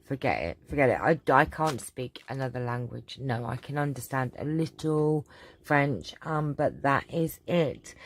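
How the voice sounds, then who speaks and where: A woman with a sore, hoarse throat, chatting casually through a vlog Q&A with lots of ums and throat-clearing. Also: a bass voice, expressive, slow pace. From England. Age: adult, about to marry. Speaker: crafting channel host.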